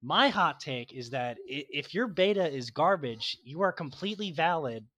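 A man's voice: on the high side, expressive, normal speed, fairly bright tone, no room sound. Giggly man telling a rambling story. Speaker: podcast co-host. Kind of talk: casual chat.

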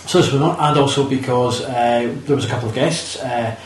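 Recapping a film in a casual chat, this male podcast co-host is wry and dryly sarcastic, swearing casually as he goes. His mid-range voice holds a steady tone at a brisk clip. He sits back from the mic in an echoey room, with slight background noise.

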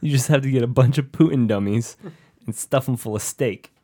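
A man's voice: medium pitch, brisk, dark tone. A man co-hosting a comedy sports podcast, telling rambling jokes and laughing often. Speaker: podcast co-host. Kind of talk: casual comedic chat.

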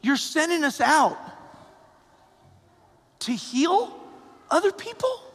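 A man voicing a small, limping young apostle who asks questions in high, disbelieving bursts. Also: very animated, takes it slowly, a bit bright, long reverb tail, full character voice. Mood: incredulous.

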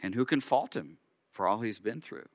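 A man's voice: medium pitch, lively intonation, normal speed, dry recording, clean studio sound. A man, a rabbi, preaching a sermon with explanatory storytelling and acted-out quotes.

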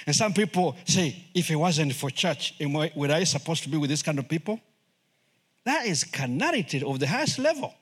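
Animated high-voiced missionary preacher, man. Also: fairly quick, slightly rough. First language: not English. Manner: animated, acts out voices and laughs often. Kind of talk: sermon.

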